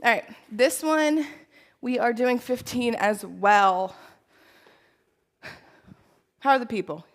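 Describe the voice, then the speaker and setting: A woman's voice: fairly high pitch, animated, slow, long pauses, rough recording. A woman fitness instructor leading a live workout, upbeat and encouraging, who laughs often.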